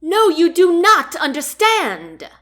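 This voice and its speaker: A woman's voice: sits high, sing-song, unhurried, pitched above the performer's own voice. A woman voicing a proud young queen in a storybook reading, speaking in a firm, indignant way. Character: proud young queen, defiant and quick to anger.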